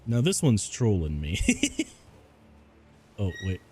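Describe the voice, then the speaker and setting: Slow, lively low-voiced male gamer. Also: breathy edge. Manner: laughs often, rambling and self-mocking. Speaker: VTuber gameplay streamer. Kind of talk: casual gameplay commentary.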